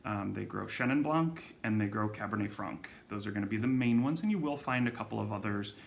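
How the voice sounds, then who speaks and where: Low gravelly man talking casually. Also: a little fast, a little hiss or hum. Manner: relaxed and chatty, with frequent ums and self-corrections. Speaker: wine shop host presenting monthly wine club picks. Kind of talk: casual video talk to camera.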